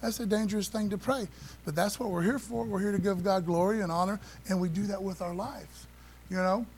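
A man preaching a sermon to his church, animated and repeating phrases, calling on the congregation to answer back. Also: sits high, brisk, slight background noise, low-quality recording. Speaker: pastor.

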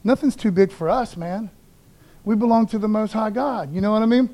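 Preaching in a church sanctuary, this pastor speaks a bit quickly in a high-pitched yet dark-toned voice. His sermon is relaxed and homespun, full of jokes aimed at the congregation and frequent "man" and "you know."

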